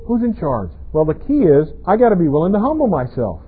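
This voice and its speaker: A man's voice: a little high, huge pitch swings, a little fast, hardly any pauses, slightly rough. A pastor preaching a sermon in a conversational way, often asking his congregation rhetorical questions. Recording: tinny, phone-like band-limited sound.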